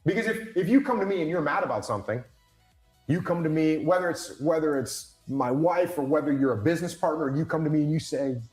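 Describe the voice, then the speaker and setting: Animated man explaining in a roomy echo. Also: on the high side, brisk, faint music behind. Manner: acts out quoted dialogue, emphatic repetition. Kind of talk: animated explaining with acted-out examples.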